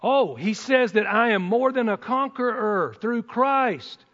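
The sermon comes from a preacher with a high voice, talking a little slowly in a folksy, excitable way with plenty of whoops and asides. His words echo with the long reverb of a church hall, and the recording sounds dull and muffled.

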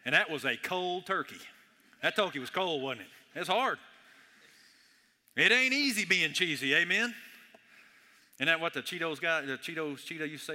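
A man preaches a sermon with a sharp, very bright and fairly high voice. He talks in a conversational, joking way, dropping to a hush and then rising loud. The sound rings with the long reverb of a church hall. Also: animated, moderate pace, pauses often.

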